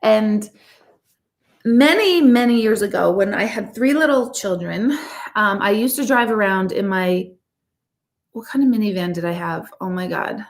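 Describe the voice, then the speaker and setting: A woman's voice: medium pitch, expressive, unhurried. A middle-aged woman and intuitive coach, chatting casually and candidly to her viewers in a blunt, talkative way. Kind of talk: casual live chat to viewers.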